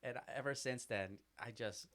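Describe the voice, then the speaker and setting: A man's voice: mid-range voice, normal speed, no echo. Rambling young man telling stories. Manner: rambling, animated storyteller. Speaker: podcast co-host. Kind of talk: casual storytelling chat.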